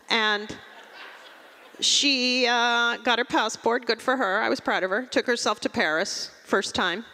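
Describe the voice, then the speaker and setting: A woman from Russia performing a stand-up comedy set, with a dry, deadpan, self-mocking delivery. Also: fairly high pitch, in a large hall, slight background noise.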